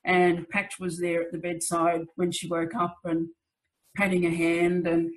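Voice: medium pitch, monotone, measured pace, a little hiss or hum, poor audio. A speaker sharing anecdotes reflectively in a casual conversation.

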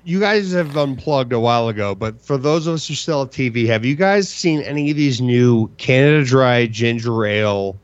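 A man's voice: mid-range voice, lively intonation, moderate pace, hardly any pauses, no room sound, highs cut off. A man in his thirties hosting a podcast, rambling and exasperated, swearing freely in casual comedic chat. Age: 30s. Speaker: podcast host.

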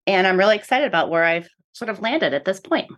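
A woman's voice: mid-range voice, expressive, fast talker, a bit bright. A woman professor of speech-language pathology giving earnest, explanatory interview answers. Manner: earnest, explanatory, repeats "really" often.

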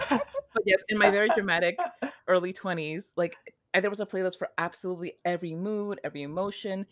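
A woman's voice: on the low side, fairly even intonation, fast talker, fairly bright tone, dry recording, clean studio sound. A woman talking as a podcast guest in a playfully dramatic, mock-bossy way. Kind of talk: casual chat.

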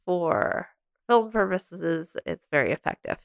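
A woman's voice: on the low side, lively intonation, slow, vocal fry, no room sound. A woman co-hosting a podcast, recapping a film with dry, wry remarks in casual chat. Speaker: podcast co-host.

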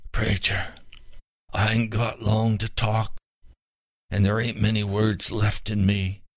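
A man voicing a dying old mountaineer, godless and frightened, who wheezes and gasps in rough country talk. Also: on the low side, flat delivery, slow, no room sound, studio quality. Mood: confessing.

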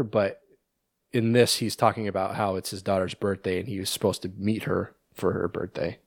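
A man's voice: fairly low pitch, gravelly, darkish tone, no room sound, studio quality. A man co-hosting a podcast, casually retelling a movie's plot with lots of ums and restarts. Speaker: podcast co-host.

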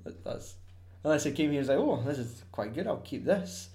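A man's voice: fairly high pitch, animated, brisk, dark tone, roomy sound. A young man in casual chat about a film, swearing often, laughing and quoting scenes.

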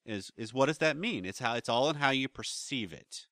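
A man's voice: mid-range voice, animated, normal speed, pushed and bright, no room sound, studio quality. A man co-hosting a podcast about relationships, talking casually in rambling, trailing sentences. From United States. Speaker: podcast co-host, relationship counselor. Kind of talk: casual chat.

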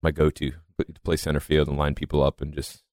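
A man's voice: very deep voice, little pitch movement, fairly quick, darkish tone, no room sound, clean studio sound. A young man from north of Boston with a faded Boston accent, a podcast guest telling stories in casual chat and laughing often. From just north of Boston. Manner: laughs often, rambling storytelling.

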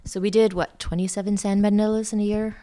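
A middle-aged woman, a podcast guest telling a lively travel story with lots of fillers. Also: mid-range voice, fast talker. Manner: chatty, animated anecdote-telling with many fillers. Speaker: interview guest, art school founder. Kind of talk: casual storytelling.

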